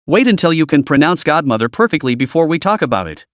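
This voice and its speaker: A man's voice: fairly high pitch, sing-song, fast talker, dry recording, studio quality. A man voicing a playful, teasing godmother in an audio story, with a giggly, theatrical way of talking.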